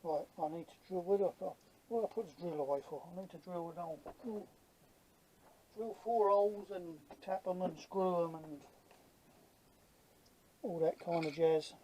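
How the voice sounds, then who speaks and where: A man's voice: sits high, moderate pace, pauses often, warm tone, a little hiss or hum, rough recording. A man in his fifties with a London Cockney accent, chatting casually while building models, blunt and jokey, swearing freely. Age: 50s. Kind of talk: casual workshop chat.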